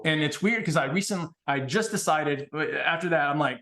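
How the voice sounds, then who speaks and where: A man in casual podcast conversation, blunt and animated, swearing freely as he tells stories. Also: a little high, a little fast, hardly any pauses. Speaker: podcast guest.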